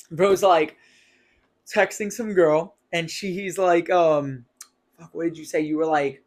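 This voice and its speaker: Slangy young New York man, higher voice. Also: steady tone, slow. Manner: laughs a lot, slangy banter. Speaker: podcast co-host. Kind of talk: casual chat.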